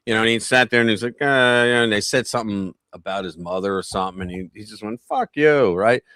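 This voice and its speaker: Animated storytelling man, dry close sound. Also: mid-range voice, dry recording. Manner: animated, acts out quoted voices. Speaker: co-host. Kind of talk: casual storytelling chat.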